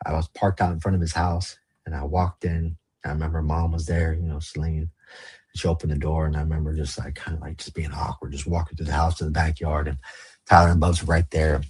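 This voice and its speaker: On a podcast, a man tells his life story in a low, darkish voice with a breathy edge. His storytelling is candid, blunt, and profane, and he performs past exchanges as quoted dialogue.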